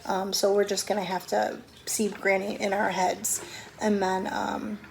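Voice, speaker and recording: A woman teacher reading a picture book aloud to children, gently explaining words as she goes. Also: medium pitch, level tone, measured pace, creaky, a little hiss or hum, rough recording.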